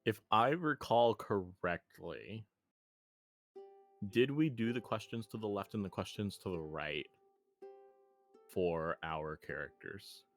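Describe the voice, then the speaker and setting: A man's voice: lowish voice, animated, slow pace, pauses often, faint music behind. A man running a tabletop role-playing game, talking through plans in a laid-back, rambling way. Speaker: game master. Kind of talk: casual tabletop game planning chat.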